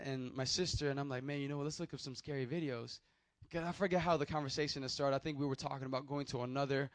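Man, pastor, sermon testimony, slightly high voice, animated storytelling, calls out to listeners, dry sound. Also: no echo. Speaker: youth pastor.

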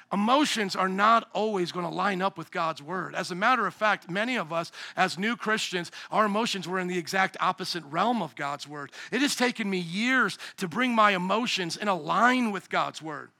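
A middle-aged man preaching a sermon in church, animated and shouting at the high points. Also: moderate pace, gravelly. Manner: animated, shouting at peaks, acts out voices. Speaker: pastor. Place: church sanctuary.

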